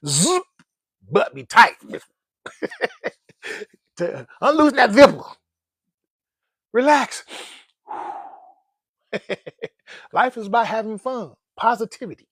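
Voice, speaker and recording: A man's voice: high voice, animated, slow, long pauses, fairly bright tone, husky, no room sound, studio quality. A man giving casual motivational talk about money and life, playful, laughing often and using folksy slang. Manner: folksy slang, calls listeners "man" and "dog". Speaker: personal finance vlogger.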